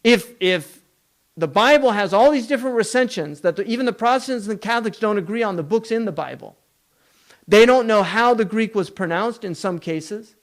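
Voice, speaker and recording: A man's voice: high voice, animated, fairly quick. A man giving a religious lecture, emphatic, running through long lists and asking rhetorical questions. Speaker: Islamic scholar lecturing.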